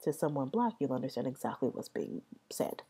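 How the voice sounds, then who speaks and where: A woman's voice: a bass voice, very animated, fairly quick, mellow, breathy edge. A young adult woman explaining language in a casual vlog, rambling, repeating herself and often asking "right?". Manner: rambling, repeats words, many "right?" checks.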